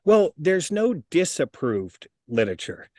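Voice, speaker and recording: A man talks through a casual interview in a slightly high voice, animated and profane as he tells his stories. He circles back on his words and repeats them. The sound is dry and close, with little room around it. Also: a little slow, no echo. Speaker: interview guest.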